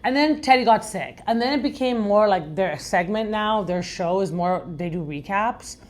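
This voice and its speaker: A middle-aged woman from Iran with a deep, raspy voice, hosting a podcast in a frank, rambling, chatty way. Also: lively intonation, normal speed. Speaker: podcast host. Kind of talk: casual recap chat.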